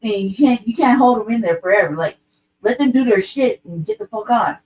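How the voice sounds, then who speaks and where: A woman's voice: a little high, lively intonation, brisk, darkish tone. A woman co-hosting a casual podcast discussion, ranting bluntly with profane street slang. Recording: voice distant from the mic.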